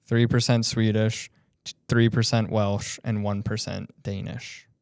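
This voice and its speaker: A young man co-hosting a podcast in casual chat, teasing his partner and quick with jokes. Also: fairly low pitch, little pitch movement, a little mellow, no echo, studio quality. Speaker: podcast co-host.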